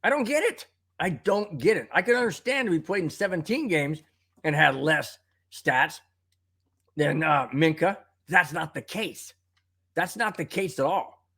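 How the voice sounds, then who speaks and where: A man's voice: fairly high pitch, lively intonation, unhurried, creaky, sharp tone, breathy edge. A man hosting a live sports talk stream, ranting in a worked-up way, reading viewer comments aloud and coughing now and then from a tickle in his throat. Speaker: live show host.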